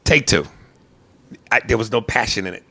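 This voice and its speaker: A man's voice: on the low side, expressive, moderate pace, creaky, pushed and bright. A man hosting a podcast, joking crudely and animatedly in casual chat, at times playing a bossy film director. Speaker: podcast host.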